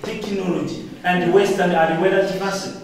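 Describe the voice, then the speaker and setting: A young man speaking as a student debater in a classroom debate, arguing in a halting way. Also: high voice, fairly even intonation, crowd noise. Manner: argumentative, halting. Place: university classroom. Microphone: distant room mic. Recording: echoey room, from far off.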